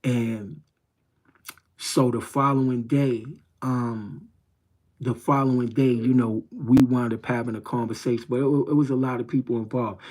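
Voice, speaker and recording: A man's voice: mid-range voice, steady tone, unhurried, a little mellow. A middle-aged man from New York City tells a personal story in casual, streetwise speech. He rambles and circles back to repeat his phrases as he talks on his livestream. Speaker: livestream host.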